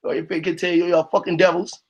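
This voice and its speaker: Man with a high voice, preaching hard and swearing freely as a speaker on a live call-in panel. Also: flat delivery, fast. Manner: profane, fired-up, preachy.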